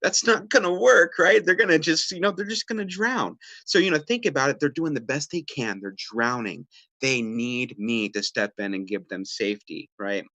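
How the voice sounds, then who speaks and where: A man presenting a parenting webinar in a relaxed, conversational way, often checking in with "right?" and acting out what people say. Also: fairly high pitch, normal speed, no room sound. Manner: conversational, frequent "right?" and fillers, acts out quoted lines. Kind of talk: casual explanatory teaching. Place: home or office, video webinar.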